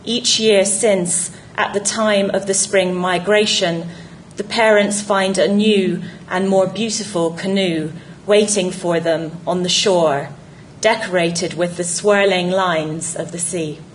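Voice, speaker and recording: A woman reading a scripted essay narration in a measured, reflective way. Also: fairly low pitch, fairly even intonation, a little hiss or hum, low-quality recording.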